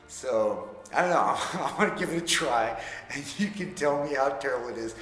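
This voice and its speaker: A man's voice: mid-range voice, a little fast. Laid-back man vlogging in an echoey room. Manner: relaxed, self-deprecating, laughs often. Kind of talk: casual chat to camera. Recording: echoey room with long reverb.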